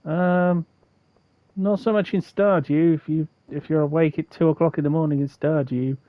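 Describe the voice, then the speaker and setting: A man's voice: on the high side, steady tone, normal speed, dry recording, phone-quality sound. A man streaming a farming game with a friend, chatting casually with joking, rambling asides. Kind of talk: casual gameplay chat.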